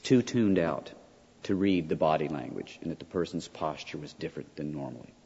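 A man lecturing as a college professor, emphatic and often checking in with his listeners with a quick "right?". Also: a bass voice, warm tone, breathy edge. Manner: emphatic, peppered with "right?" asides. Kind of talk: classroom lecture. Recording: dull lo-fi sound with long hall reverb.

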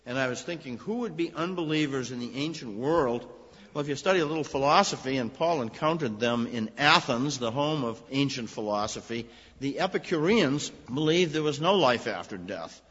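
Husky preacher in a reverberant hall. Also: male voice, medium pitch, expressive, normal speed, a bit bright. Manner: conversational storytelling with emphatic rises. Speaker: minister. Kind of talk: sermon. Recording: long reverb, dull lo-fi sound.

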